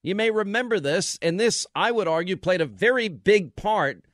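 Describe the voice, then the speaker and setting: Radio host, male, fired-up political monologue, a little high-pitched, close and dry. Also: moderate pace, no echo. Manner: animated, indignant, quotes others in mock voices. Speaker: radio talk show host.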